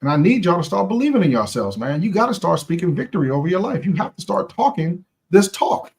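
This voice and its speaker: A man hosts a motivational live stream in a fairly high voice. He preaches with fire, hammering phrases over and over. His talk is loose and slangy, aimed straight at his viewers. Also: big pitch swings, quick pace, vocal fry, a little mellow. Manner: impassioned and preachy, repeats phrases for emphasis.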